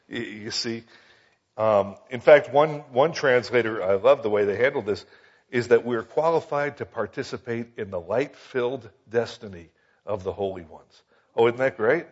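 Husky, conversational male Bible teacher. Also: medium pitch, lo-fi sound. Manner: conversational, folksy, frequent rhetorical asides. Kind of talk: sermon.

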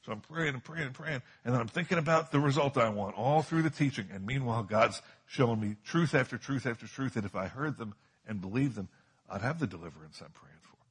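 Husky-voiced man preaching a sermon. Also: medium pitch, animated, a little fast. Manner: emphatic, repeats key phrases for stress. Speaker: pastor.

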